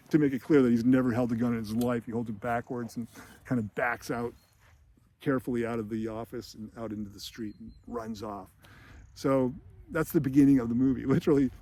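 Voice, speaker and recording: A man's voice: medium pitch, darkish tone. A man hosting a podcast, retelling a film sequence in a loose, chatty way with lots of fillers and small laughs. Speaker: podcast host. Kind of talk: casual film commentary.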